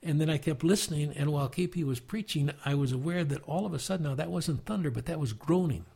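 An older American man, a preacher, telling stories earnestly and reflectively in conversation, with halting restarts and soft chuckles. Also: on the high side, creaky, breathy edge. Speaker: guest preacher.

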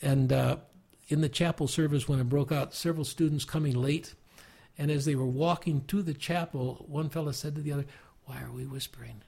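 An older American man, a preacher, telling stories earnestly and reflectively in conversation, with halting restarts and soft chuckles. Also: on the high side, fairly even intonation. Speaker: guest preacher.

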